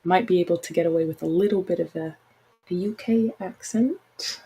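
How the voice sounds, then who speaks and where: A woman's voice: lowish voice, normal speed, mellow, breathy edge, low-quality recording. A woman hosting a casual livestream, talking frankly and chattily with apologetic asides to her listeners. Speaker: podcast host.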